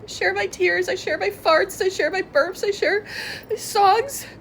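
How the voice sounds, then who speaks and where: A woman with a very high voice speaks straight to her viewers in a confessional vlog. She is tearful and congested, and her talk rambles between sobs and shaky laughter. A faint hiss sits under the recording. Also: a little slow, vocal fry, fairly bright tone. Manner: rambling, emotional, laughing through tears. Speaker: vlogger.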